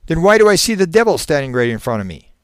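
A man voicing a terrified man under regression hypnosis, a former preacher, with shrill panicked outbursts. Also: big pitch swings, fast, no echo, clean studio sound.

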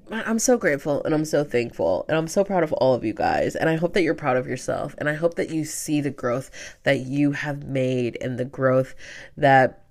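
A podcast host and tarot reader giving an emotional, casual sign-off, tearful, chatty and freely profane. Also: mid-range voice.

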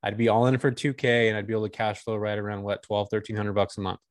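A man's voice: on the low side, level tone, fast talker. A man in his forties from Northern California, a guest on a casual podcast, telling long stories with easy laughs. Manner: chatty storyteller, laughs easily.

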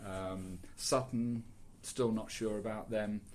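A man's voice: lowish voice, fairly even intonation, takes it slowly, a little mellow, a little hiss or hum. A man hosting a casual football podcast, rambling with lots of fillers and restarts. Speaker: podcast host.

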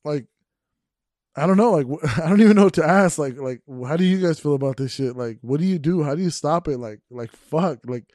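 A man's voice: on the high side, a little fast, a little mellow, no room sound, studio quality. A man hosting a casual podcast, asking his co-hosts questions in a rambling, profane way with many likes. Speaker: podcast host.

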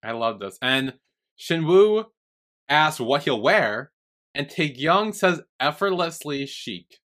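A man's voice: on the high side, big pitch swings, slow, a bit bright. A young man co-hosting a podcast, chatty and retelling scenes with frequent swearing. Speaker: podcast co-host. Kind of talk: casual chat.

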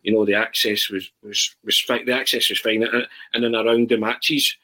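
Husky, bright-voiced man telling stories. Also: on the low side, low-quality recording. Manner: animated, halting anecdote-telling with many restarts. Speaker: podcast guest. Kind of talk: casual storytelling.

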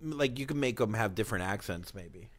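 A man's voice: on the low side, animated, brisk. A man co-hosting a comedy podcast, joking in a laid-back way. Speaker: podcast co-host. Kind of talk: casual comedy chat.

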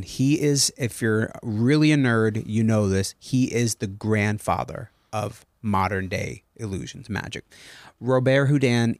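A man in a podcast chat who tells stories with eager enthusiasm and drifts into tangents. His voice sits at an everyday middle pitch. The sound is dry and close, with no room echo. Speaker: podcast co-host. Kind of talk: casual chat, storytelling.

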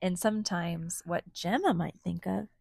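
A woman's voice: lowish voice, measured pace, creaky, darkish tone, slightly rough, dry recording. A woman reading a storybook aloud to her children, stopping often to ask them questions. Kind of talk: interactive read-aloud to children.

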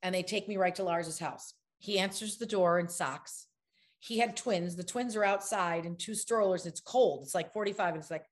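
An actress in an interview, telling lively anecdotes and acting out the lines of the people in them. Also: female voice, lowish voice, moderate pace. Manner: animated storyteller, acts out other people's lines. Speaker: actress guest.

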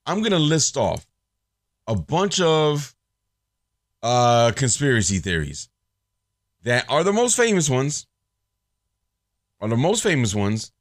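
A man hosting his own podcast, ranting in a sarcastic, profane, animated monologue. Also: mid-range voice, slow pace, long pauses, dry recording, studio quality. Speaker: podcast host.

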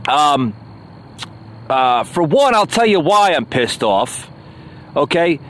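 Male podcast host, slightly high voice, slow and halting with lots of fillers, aggravated. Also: big pitch swings, fairly bright tone, a little hiss or hum. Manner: hesitant, many uh fillers, aggravated. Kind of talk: political commentary podcast.

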